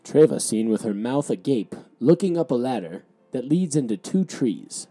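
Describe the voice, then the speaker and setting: A man co-hosting a podcast, describing a storybook's pictures one by one in a deadpan, matter-of-fact way. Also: mid-range voice, normal speed, slightly rough, soft background music. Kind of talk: picture-by-picture commentary.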